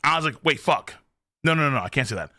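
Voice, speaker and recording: A man reacting live to a manga chapter on stream, excitable and profane, reading lines aloud and shouting at big moments. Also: medium pitch, quick pace, dry recording, clean studio sound.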